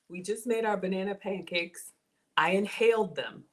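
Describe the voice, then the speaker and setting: A woman's voice: mid-range voice, normal speed. A woman with a Southern US accent, chatting casually with her viewers as a home cook livestreamer. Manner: chatty, addresses viewers as y'all.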